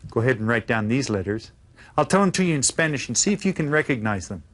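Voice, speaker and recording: Slow, patient man teaching children. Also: medium pitch, very animated, fairly bright tone. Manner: slow, clear modeling of phrases for repetition. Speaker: Spanish teacher. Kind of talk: classroom lesson for children.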